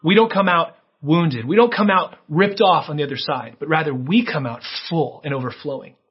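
A man preaching a sermon in a somewhat high, husky voice. He tells his story earnestly, rising sharply and then falling to a near hush. The recording sounds dull and lo-fi. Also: moderate pace. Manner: earnest, dramatic storytelling with sudden rises and hushed drops.

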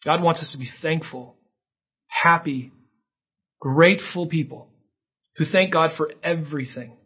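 A man preaching a sermon, earnest and dramatic, with his voice leaping up and then dropping to a hush as he tells a story. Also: a little high, unhurried, husky. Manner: earnest, dramatic storytelling with sudden rises and hushed drops. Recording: dull lo-fi sound.

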